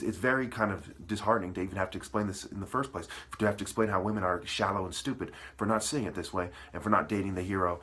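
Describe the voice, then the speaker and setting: A man's voice: low voice, fairly bright tone. A man delivering a profane, preachy monologue, breaking words apart into syllables as he lectures. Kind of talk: ranting monologue.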